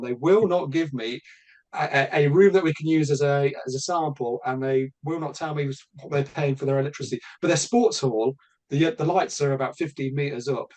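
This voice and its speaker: A man from Britain chats on a podcast about the trade. He talks bluntly, swears freely and restarts his sentences a lot, at an ordinary middle pitch. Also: darkish tone. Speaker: electrician podcast host. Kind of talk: casual podcast chat.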